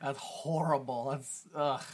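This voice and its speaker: A woman's voice: a bass voice, fairly even intonation, slow pace, darkish tone. A woman co-hosting a podcast, joking dryly in a casual chat about a film. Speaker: podcast co-host.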